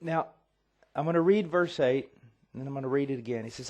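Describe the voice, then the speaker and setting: A middle-aged man preaching a sermon, swinging from quiet intensity to near-shouting and acting out voices as he tells a story. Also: medium pitch, brisk. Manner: acts out quoted voices.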